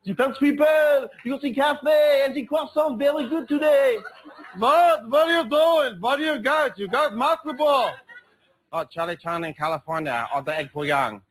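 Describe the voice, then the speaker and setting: A man doing stand-up, switching quickly between comic accent impressions. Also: extremely high pitch, animated, pitched above the performer's own voice, rough recording. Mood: jokey. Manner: rapid switches between put-on voices, jokey. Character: string of comic accent caricatures, male. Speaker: comedian.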